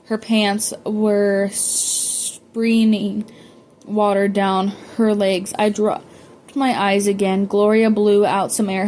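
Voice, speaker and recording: A woman's voice: medium pitch, level tone, takes it slowly, a little mellow, slight background noise. A woman reading a novel aloud, often stumbling and correcting herself as she goes. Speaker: audiobook reader.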